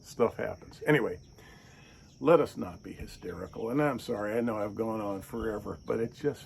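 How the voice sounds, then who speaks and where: A man, the channel's host, telling a casual story, animated and acting out the people he quotes in raised voices. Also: fairly low pitch, normal speed, vocal fry, slight background noise.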